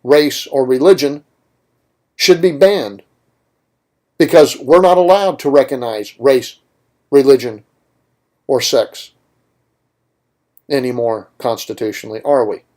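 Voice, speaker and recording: A man's voice: mid-range voice, takes it slowly, pauses often, warm tone. A man hosting a political talk radio show, delivering an opinionated monologue with emphatic points and rhetorical questions.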